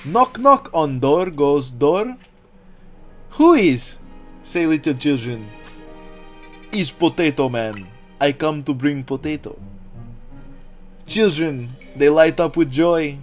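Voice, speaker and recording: A man putting on a Bulgarian accent to play a deadpan Eastern European joke teller who speaks in broken grammar. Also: fairly high pitch, takes it slowly, long pauses, soft background music. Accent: put-on Bulgarian accent. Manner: broken grammar, grave storytelling delivery. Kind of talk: acted joke telling.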